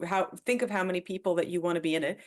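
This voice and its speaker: A woman author guesting on a podcast, chatting casually with a lively, teasing, storytelling manner. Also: fairly low pitch, very fast. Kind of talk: casual chat.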